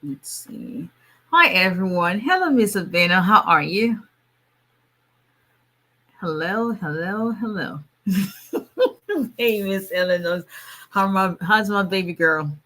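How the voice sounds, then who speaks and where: A woman's voice: fairly low pitch, animated, slow pace, pauses often, pushed and bright. A tired woman, an immigration lawyer chatting casually on a livestream, greeting viewers by name and laughing often.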